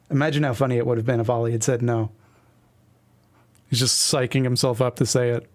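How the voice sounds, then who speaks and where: A man's voice: mid-range voice, level tone, brisk, long pauses. A man streaming, reading his old webcomic aloud with wry, self-deprecating commentary. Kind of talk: casual commentary reading a comic.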